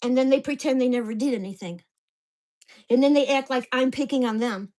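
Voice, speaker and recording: A woman's voice: a little high, a little mellow. A woman in her sixties, venting to camera at home in an agitated, swearing rant. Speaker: vlogger. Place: at home in a mobile home park.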